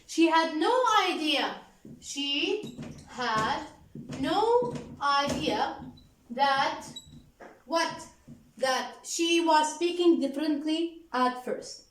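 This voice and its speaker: A woman teaching an English workbook lesson with an Arabic accent, slowly repeating answers and prompting the class with questions. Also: high-pitched, reverberant, low-quality recording. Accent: Arabic-speaking. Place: classroom with a board.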